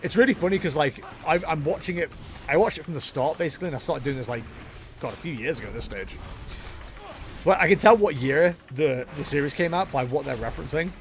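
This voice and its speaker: A fast, animated male voice sitting on the high side, with slight background noise. He's a gaming livestreamer chatting casually over his gameplay, cracking jokes at his own expense with chatty, self-mocking asides.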